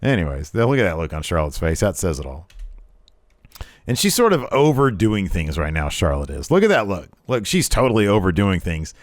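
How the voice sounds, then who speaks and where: A man's voice: lowish voice, no echo, clean studio sound. A young adult man giving chatty, sarcastic commentary over wrestling footage, rambling a little. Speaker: wrestling video host.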